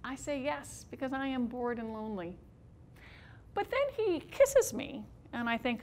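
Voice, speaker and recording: A woman in her fifties performing an autobiographical one-woman stage show, telling her story in a wry, expressive way with dry humor. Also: high voice, unhurried.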